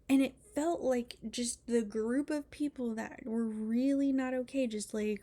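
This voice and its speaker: A fairly high-voiced woman talks through a spiritual reading in a loose, conversational monologue. She is blunt and emphatic, repeating phrases for weight and swearing freely. At times she lowers her voice to a hushed whisper. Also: unhurried, few pauses. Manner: sometimes drops to a hushed whisper. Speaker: spiritual reader.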